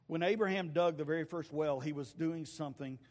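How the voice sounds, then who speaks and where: A male pastor preaching a sermon, telling stories with acted voices and occasional shouts. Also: on the high side, fairly quick, in a large hall. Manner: storytelling preacher acting out voices, shouting at peaks. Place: church sanctuary.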